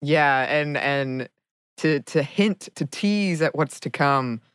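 A woman's voice: low voice, slow pace, clear, resonant tone, no room sound, studio quality. A woman co-hosting a podcast, chatting in an enthusiastic, playful way. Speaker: podcast co-host and voice actor. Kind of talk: casual podcast chat.

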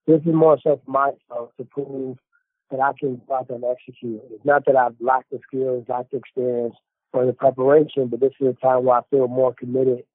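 Husky, flat-voiced male fighter on a phone line. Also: medium pitch, brisk, no echo. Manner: steady and self-assured. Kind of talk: casual interview. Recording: dry, tinny phone-like line.

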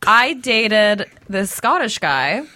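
A woman's voice: mid-range voice, very animated, slow pace, sharp tone, no room sound. A young woman co-hosting a casual chat, speaking in a loose, chatty way with lots of "like" and "you know". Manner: chatty, heavy "like" and "you know" filler, restarts.

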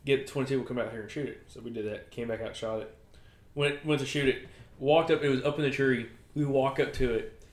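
A young man co-hosting a hunting podcast, telling a story with lively laughter and acted-out voices. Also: medium pitch, a little fast, roomy sound. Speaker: podcast co-host. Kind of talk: casual chat.

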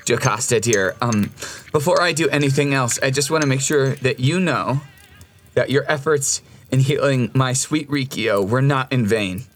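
A man voicing a tearful, kind, motherly healer woman in a tabletop role-play, speaking gently with fond endearments. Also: medium pitch, moderate pace, soft background music, natural voice. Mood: tender.

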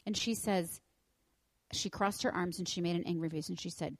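A woman in her thirties, a podcast co-host, chatting casually and telling lively stories, acting out quotes and swearing. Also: fairly low pitch, normal speed, no room sound, studio quality. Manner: animated storyteller, acts out quotes, swears. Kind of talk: casual chat.

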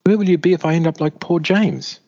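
A man voicing an anxious, self-doubting young superheroine, pitched higher than his own voice. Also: a little fast, a little mellow, close to an everyday voice. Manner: fretful inner monologue. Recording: dull lo-fi recording.

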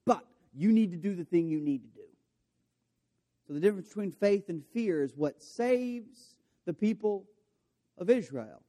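Male pastor, fairly high voice, casual storytelling sermon with comic character voices. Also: animated, normal speed, mellow. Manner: storytelling, voicing characters with jokey asides.

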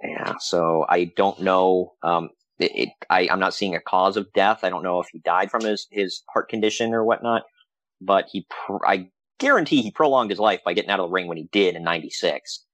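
A man co-hosting a podcast, telling stories in a casual, animated way with frequent laughs. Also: deep voice, a little fast, dry recording. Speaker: podcast co-host. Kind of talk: casual chat.

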